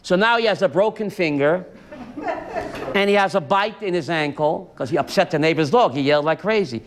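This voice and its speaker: A man's voice: high-pitched, a little fast, slight background noise. A man, a rabbi, preaching a sermon built on stories and asking his listeners questions. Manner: animated, asks the audience questions. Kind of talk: sermon with storytelling.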